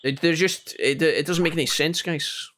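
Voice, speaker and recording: A Scottish man chatting casually to his viewers while playing a game, telling animated stories between moves. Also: a little high, moderate pace, slight background noise. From Scotland. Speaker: gaming streamer. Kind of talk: casual gameplay chat with storytelling.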